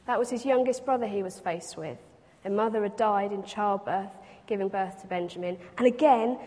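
Her mid-range voice has a darkish tone as she delivers a reflective sermon, reading scripture aloud and then expounding on it for the congregation. A long hall reverb surrounds the audio.

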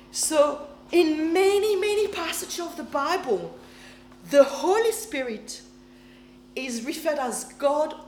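A woman's voice: sits high, slight background noise. A woman preaching a sermon in English, which is not her first language, in an emphatic manner and often checking in with her listeners. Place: church hall with congregation. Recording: echoey room.

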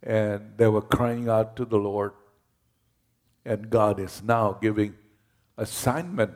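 A man's voice: on the low side, slow, darkish tone. A man as pastor, giving a conversational sermon that retells scripture in everyday words.

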